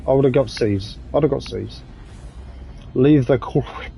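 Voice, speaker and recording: A man's voice: medium pitch, measured pace, vocal fry, mellow, a little hiss or hum, low-quality recording. A man in his thirties with an English accent, chatting in a rambling, jokey way while streaming a game and swearing casually. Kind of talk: casual gaming commentary.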